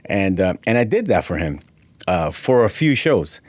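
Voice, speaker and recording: A man, a gym owner and guest on a podcast, telling a personal story in a lively way. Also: deep voice, normal speed, no room sound. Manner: animated storyteller, acting out quoted voices. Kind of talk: storytelling in an interview.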